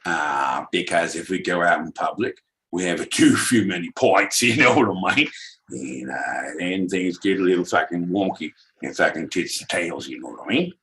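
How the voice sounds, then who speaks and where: A man's voice: sits low, lively intonation, moderate pace, a bit bright, pitched below the performer's own voice, low-quality recording. A man voicing a mouthy Cockney lad who likes the pub, rambling and swearing with a put-on Cockney accent. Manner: rambling, swearing, breaks into laughs.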